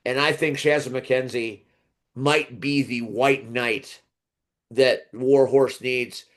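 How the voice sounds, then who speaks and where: On his podcast, this male host chats eagerly and casually through a wrestling preview, rambling with frequent restarts as he runs through the matches. He speaks slowly in a steady, mid-range voice.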